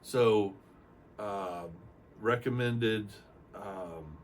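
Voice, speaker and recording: An older man, once a Navy aircrewman, rambles through his story in a fairly low voice, drawing out his words. He tells it casually and with animation, acting out the quotes. The mic sits at a distance and picks up faint room noise.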